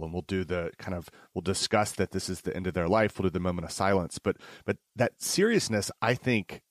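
A man's voice: sits low, dry recording, studio quality. A male physician on a panel, speaking in an earnest, reflective way. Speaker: emergency physician. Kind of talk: casual panel discussion.

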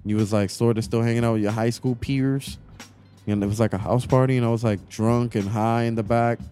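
A man's voice: medium pitch, steady tone, brisk, warm tone. Joking young man on a podcast, faint music. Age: young adult. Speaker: podcast co-host. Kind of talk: casual banter.

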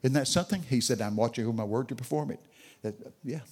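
A man's voice: mid-range voice, fast talker, a little mellow, breathy edge. An older man preaching a sermon as a guest speaker, telling stories and chatting with people in the audience. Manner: storytelling, chats with audience members.

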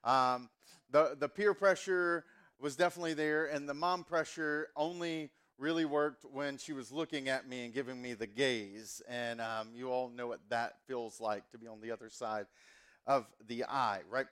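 A man's voice: medium pitch, fairly even intonation, moderate pace, fairly bright tone, smooth. A man in his forties, from the American South, preaching a sermon as a pastor in a casual, joking way with many fillers. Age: 40s.

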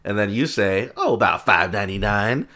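A young man co-hosting a casual podcast, teasing and profane, quick to laugh. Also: on the low side, lively intonation, bright, forceful tone. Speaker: podcast co-host.

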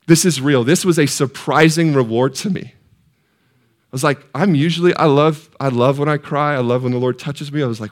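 A man preaching a sermon in a church, putting questions to the congregation and swinging from hushed, tender lines to loud, soaring peaks. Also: mid-range voice, normal speed, long pauses. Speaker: pastor. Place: church sanctuary.

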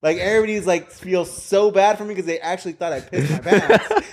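A young man with a fairly high voice tells a school story on a casual podcast. He talks in quick, laughing bursts, loose and chatty, with a lot of "like" and "right?" between the beats. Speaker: podcast co-host. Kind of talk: casual chat.

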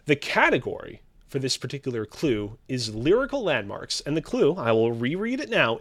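Animated male quiz show host. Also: mid-range voice, moderate pace, hardly any pauses. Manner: theatrical, teasing quiz-host delivery. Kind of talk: game show hosting, reading clues.

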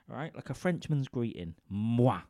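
A man tells a vulgar, rambling comic anecdote into a studio microphone, regularly tossing "right?" at his listeners. His voice is low and mellow at a normal pace, in a dry recording.

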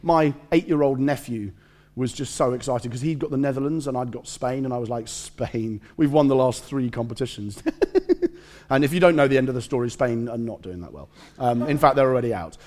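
A man's voice: medium pitch, fairly quick. A man preaching a sermon, reading scripture aloud and breaking off for joking asides and stories. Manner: animated, joking asides and storytelling.

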